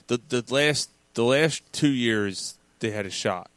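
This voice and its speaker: A man's voice: medium pitch, measured pace, a bit bright, no echo. A man hosting a casual sports chat, emphatic and profane, arguing his point.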